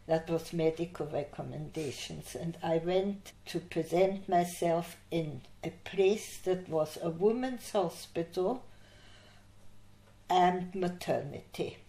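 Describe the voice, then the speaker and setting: A woman's voice: sits low, mellow. An older woman from Austria, interviewed for an oral history, telling a long anecdote with frequent laughter. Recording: echoey room.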